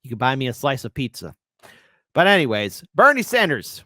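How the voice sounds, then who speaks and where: Guy ranting on his political livestream, super lively up and down voice, sarcastic, dry sound. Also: medium pitch, brisk, no echo. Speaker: political commentary host. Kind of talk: livestream commentary.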